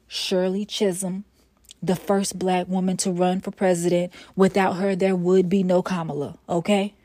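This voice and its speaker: A woman hosting her own podcast in a casual solo monologue, blunt and profane, swinging from weary sighs to sassy loud outbursts. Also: on the low side, no room sound, clean studio sound. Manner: blunt, profane and emphatic, with sudden loud bursts. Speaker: podcast host.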